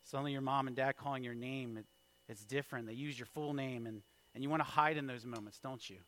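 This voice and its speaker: A man in his thirties preaching a sermon, telling a story with big swings from hushed lines to loud calls. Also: medium pitch, steady tone, fast talker. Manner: storytelling with wide swings in loudness, from hushed to shouted. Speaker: pastor.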